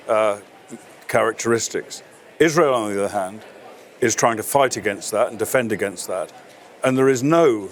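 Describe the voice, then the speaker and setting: A middle-aged man, a military expert guest in a studio interview, making his case in a firm, emphatic way. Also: medium pitch. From Britain.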